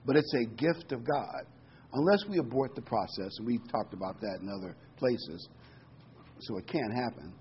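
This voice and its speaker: A man's voice: medium pitch, animated, normal speed, muffled recording, a little hiss or hum. A man preaching a sermon in an earnest teaching manner, quoting and explaining scripture with frequent "um"s.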